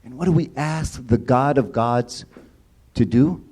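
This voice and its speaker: A man talks through a sermon in a relaxed, conversational way, with a warm, dark tone. He keeps drawing listeners in with questions and a habitual "right?" tag. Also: mid-range voice, measured pace, breathy edge. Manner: casual, engages audience with questions and repeated "right?". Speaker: church speaker.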